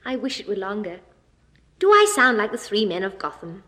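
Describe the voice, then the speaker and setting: A woman's voice: medium pitch, sing-song, moderate pace, pushed and bright. A woman co-presenting a children's radio program, singing nursery rhymes and playing word games in a childlike, playful manner.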